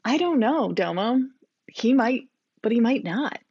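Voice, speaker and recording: A woman's voice: a little high, lively intonation, measured pace, darkish tone, husky, heavily acted. A woman voicing a caring young woman, the hero's partner, while reading her childhood fanfiction aloud. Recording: dull lo-fi recording.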